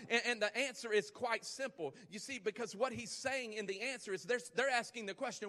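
Male pastor, emphatic preacher, high voice, long hall reverb. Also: a little fast, hardly any pauses, fairly bright tone. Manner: emphatic, repetitive build-ups, rising intensity. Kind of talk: sermon.

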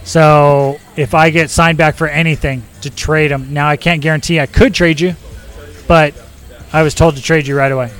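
A man's voice: a little high, fairly even intonation, moderate pace, a bit bright, clear, resonant tone, faint music behind. A middle-aged man, a former ball player, chatting casually and correcting himself as he tells stories. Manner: rambling, self-correcting storyteller. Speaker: former pro baseball player, podcast guest. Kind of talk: casual chat.

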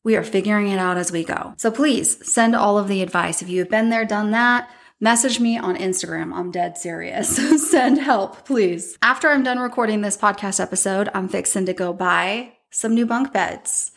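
A woman, hosting a podcast and telling personal stories in a lively way, often laughing and acting out what people said. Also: mid-range voice, normal speed, gravelly, hardly any pauses. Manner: animated, laughs often, acts out quotes. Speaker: podcast host. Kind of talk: personal storytelling.

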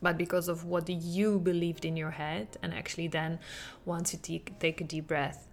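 Woman coaching parents on a podcast, kinda low, quiet music behind. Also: normal speed. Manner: animated, acts out quotes with laughs. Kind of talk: podcast monologue.

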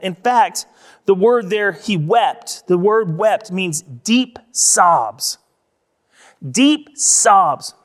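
A pastor preaching a sermon in a conversational way, repeating words for emphasis. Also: male voice, high-pitched, a bit bright. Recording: long reverb of a large hall.

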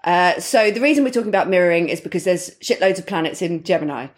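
Woman, podcast co-host, lowish voice, rambling casual astrology chat, laughs often. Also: animated, fast talker.

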